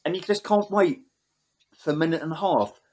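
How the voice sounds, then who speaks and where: A man's voice: fairly high pitch, normal speed, darkish tone, poor audio. A man in a casual interview, telling a rambling story and quoting the people involved.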